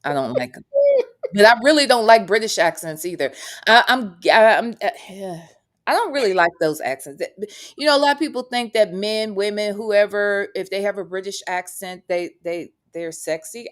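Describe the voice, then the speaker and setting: A woman's voice: medium pitch, moderate pace. Blunt, opinionated woman podcast host. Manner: frank and opinionated, with blunt swearing. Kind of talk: casual podcast chat.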